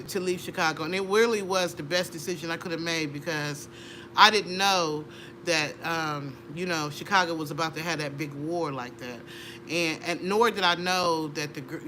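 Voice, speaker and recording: Bright-voiced woman telling a story animatedly. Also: fairly low pitch, slight background noise. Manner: animated, laughing, acts out voices in her story. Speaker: interview guest. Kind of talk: conversational storytelling.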